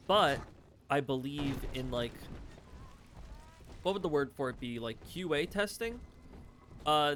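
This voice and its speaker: A man's voice: medium pitch, bright, forceful tone, a little hiss or hum. A man giving casual gameplay commentary as a let's play host, rambling with fillers and self-corrections. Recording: game music underneath.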